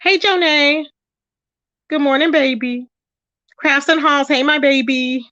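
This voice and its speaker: A chatty woman hosts a gossip livestream, greeting viewers warmly by name. Her voice sits a little high, close to the mic in a dry space. The stream audio is dull and lo-fi. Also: slow, no room sound. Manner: chatty, greets viewers by name, calls them child and baby. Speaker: livestream commentary host. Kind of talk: casual livestream gossip chat.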